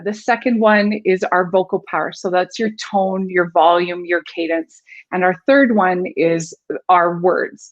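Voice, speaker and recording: A woman's voice: lowish voice, highs cut off. A woman guest explaining communication and vocal delivery in an interview, demonstrating her points with her own voice. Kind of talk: instructive interview talk.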